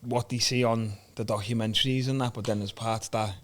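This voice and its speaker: A young man, a podcast guest chatting casually and telling blunt, sweary, animated anecdotes. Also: lowish voice, brisk. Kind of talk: casual chat, storytelling.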